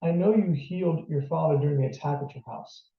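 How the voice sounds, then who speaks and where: Man reading as a calm, authoritative police captain, storybook reading, gravelly, echoey distant room. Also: on the high side, brisk. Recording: distant, roomy, dull lo-fi.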